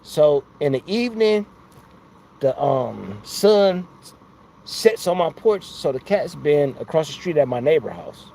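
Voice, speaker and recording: Man, higher-pitched, slangy casual live-stream talk, rambling, faint background noise. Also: big pitch swings, a little slow, gravelly, dark tone. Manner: rambling, slangy, laughs often. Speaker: livestream host.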